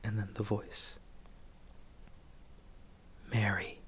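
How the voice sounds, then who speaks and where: Male preacher, slow husky voice, lowish pitch, dramatic storytelling sermon. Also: little pitch movement, dry recording. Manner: dramatic retelling, dropping to whispers and rising to cries.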